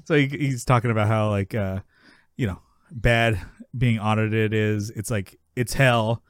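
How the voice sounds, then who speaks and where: A man co-hosting a podcast, casually recapping a sitcom episode and acting out the characters' lines with his voice jumping up high. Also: a little slow, no room sound, studio quality. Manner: animated retelling, acting out characters' lines in a raised voice. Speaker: podcast co-host.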